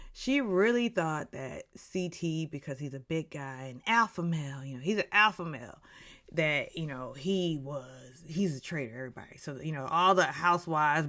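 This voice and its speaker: A woman's voice: sits low, fairly bright tone. A woman giving a casual, gossipy recap rant about a reality show, full of blunt opinions. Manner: opinionated and gossipy, slips into voices for the people she talks about.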